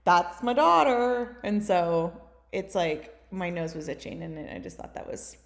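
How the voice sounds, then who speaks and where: Her voice is fairly low, steady, and warm. A podcast guest in her thirties from the US, she rattles through stories in casual conversation, full of fillers and "like"s, in a space with a roomy echo.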